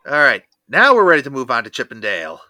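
Bright-voiced man steering the chat. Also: medium pitch, fast, no room sound. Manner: steady, informative, guides the segments. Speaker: podcast co-host. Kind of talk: casual chat.

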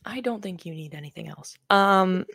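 A woman's voice: on the low side, moderate pace, gravelly, fairly bright tone, no echo, studio quality. A young woman co-hosting a casual podcast chat, rambling with lots of "um" fillers and easy swearing. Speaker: podcast co-host.

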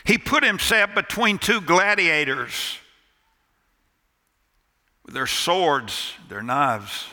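In a church sanctuary, a man preaches as a dramatic storyteller, his voice high, very bright and forceful, with a long hall reverb trailing behind it. His pace is slow and deliberate, marked by dramatic pauses and emphatic drops to near quiet.

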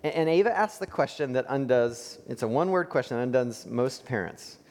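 A man's voice: medium pitch, lively intonation, brisk, darkish tone. A male pastor preaching a sermon in a conversational storytelling way, with fillers and rhetorical questions. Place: church sanctuary. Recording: long church reverb.

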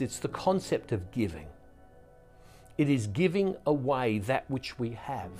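A man's voice: mid-range voice, a little mellow. A middle-aged man giving an earnest sermon as a preacher, often restarting and repeating himself. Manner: earnest, with frequent restarts and repetitions. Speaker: Catholic preacher and ministry founder. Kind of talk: reflective sermon talk.

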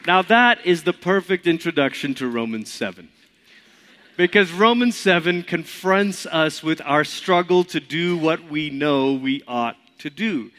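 A man's voice: a little high, lively intonation, unhurried, fairly bright tone. A male pastor opening a sermon in a church, speaking in a friendly, chatty, conversational way. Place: church sanctuary.

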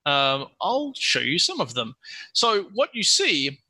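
A man's voice: on the high side, wildly swooping pitch, takes it slowly, bright, forceful tone, husky, no echo, low-quality recording. A man narrating a tabletop game as game master, rambling a little and restarting his sentences. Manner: rambling, many restarts and fillers.

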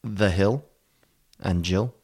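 A fairly low-pitched man chatting casually on a podcast. He improvises as he goes, swears freely and rambles through stories with comic asides. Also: slow pace, a little mellow, slightly rough. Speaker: podcast co-host. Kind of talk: casual comedic chat.

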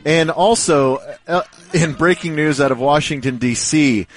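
A man's voice: fairly high pitch, unhurried, faint music behind. Man delivering breaking news headlines. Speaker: radio show regular reading news. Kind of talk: live radio talk.

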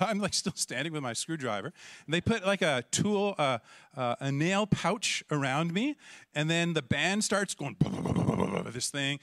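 A middle-aged man from Canada, a pastor telling a lively story in a sermon and acting out the voices in it. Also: fairly high pitch, unhurried, dry recording, studio quality. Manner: animated, acts out voices and shouts in the story.

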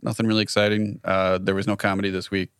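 A man's voice: on the low side, little pitch movement, fast talker, clean tone, no room sound. A man co-hosting a podcast in casual chat, a dry storyteller who throws in quips and mock voices. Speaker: podcast co-host.

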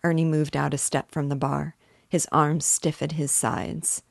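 Woman reading a novel out loud, steady, gravelly low voice, dry close sound. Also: measured pace, no room sound. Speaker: narrator.

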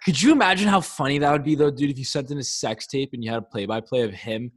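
A man's voice: medium pitch, fast talker, slightly rough. Profane blunt young man co-host. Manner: profane, blunt, bro-ish. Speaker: podcast co-host. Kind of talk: casual chat.

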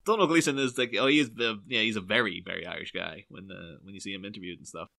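Brief: young male podcast co-host, bright timbre, chatty and rambling. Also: on the low side, quick pace, vocal fry. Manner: animated, rambling with many fillers and restarts. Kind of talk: casual film discussion.

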